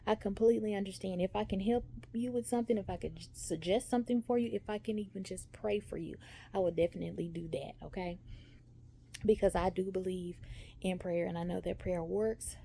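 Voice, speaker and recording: A woman's voice: medium pitch, fairly quick, vocal fry, dark tone, a little hiss or hum. A woman giving a chatty vlog update, telling a story and talking straight to her viewers. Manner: chatty, storytelling, says y'all and okay often. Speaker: vlogger. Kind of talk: casual talking-head update.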